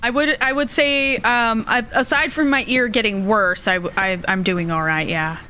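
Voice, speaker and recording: Casting note: bright, fairly high-voiced young woman, chatty game streamer, faint hiss behind. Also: moderate pace. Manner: chatty, reads chat aloud and greets viewers. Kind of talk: casual live-stream chat while gaming.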